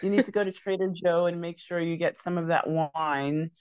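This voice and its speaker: A woman's voice: fairly low pitch, steady tone, moderate pace, a little mellow, smooth, no room sound, highs cut off. A woman co-hosting a podcast, chatting casually about a TV show and repeating her phrases for emphasis. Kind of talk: casual TV recap chat.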